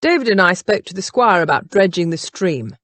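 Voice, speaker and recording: An earnest rector who speaks plainly and proudly, as a woman narrator puts him on. His voice sits low and steady. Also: fairly quick, dry recording.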